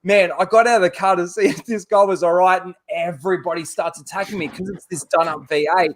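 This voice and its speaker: A man's voice: high-pitched, steady tone, quick pace, slight background noise. A man with an Australian accent, co-hosting a podcast and telling a crude story in casual chat. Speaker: podcast co-host.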